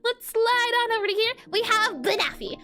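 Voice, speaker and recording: Very high-pitched, giggly woman streamer. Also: lively intonation, brisk, sharp tone, faint music behind. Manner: bubbly, giggly, repeats praise words. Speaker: streamer reviewing viewer art. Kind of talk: casual livestream commentary.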